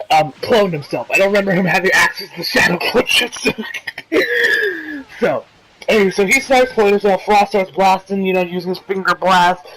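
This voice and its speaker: A man's voice: high-pitched, bright, forceful tone, poor audio. A man casually reviewing an anime episode, rambling and swearing with lots of fillers. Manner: rambling, profane, many fillers.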